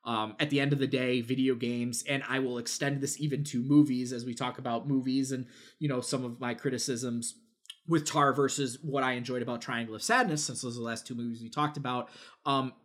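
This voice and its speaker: A man's voice: mid-range voice, fairly even intonation, a little fast, a bit bright. A man co-hosting a gaming podcast, talking casually with lots of fillers and the odd swear word. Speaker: podcast co-host. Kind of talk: casual chat.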